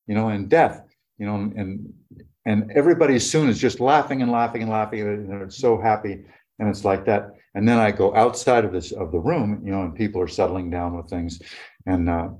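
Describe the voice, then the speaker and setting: Low, mellow older man telling stories. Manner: rambling, many "you know" fillers. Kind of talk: casual reflective storytelling.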